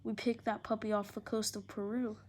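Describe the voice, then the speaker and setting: A cocky young man, voiced by a woman reading a storybook, talks in a relaxed, boastful way. He sounds pleased with himself. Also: mid-range voice, fairly quick, lightly acted.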